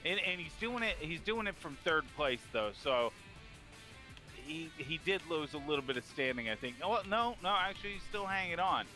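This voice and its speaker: A man giving eager play-by-play commentary on a video game race, rising in excitement at each crash. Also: a little high, normal speed, faint music behind.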